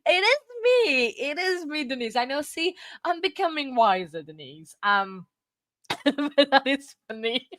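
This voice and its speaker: A woman's voice: high voice, expressive, a bit bright, no echo. Hiccuping woman chatting on a livestream. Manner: rambling, self-interrupting, halting. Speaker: livestream host. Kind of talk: casual livestream chat. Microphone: desk microphone.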